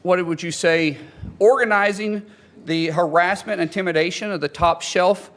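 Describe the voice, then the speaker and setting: A man's voice: high-pitched, moderate pace, a bit bright. A man questioning a witness at a hearing, combative and reading quotes aloud. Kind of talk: hearing confrontation.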